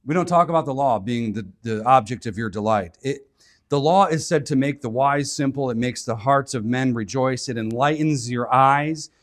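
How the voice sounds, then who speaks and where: Guy preaching a sermon, medium pitch voice, earnest w little laughs. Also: moderate pace. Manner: earnest preaching with asides and chuckles. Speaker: pastor.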